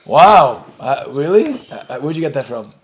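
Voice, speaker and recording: A middle-aged man with an American accent, a rabbi telling lively stories while teaching a Talmud class and acting out the dialogue. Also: on the high side, normal speed. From United States. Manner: animated storyteller, acts out dialogue, laughs often.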